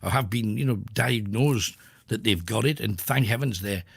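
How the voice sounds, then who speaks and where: A man's voice: lowish voice, normal speed, gravelly, slightly rough, no room sound. A man hosting a radio show speaks in a rambling, questioning monologue full of emphatic opinions. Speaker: radio host.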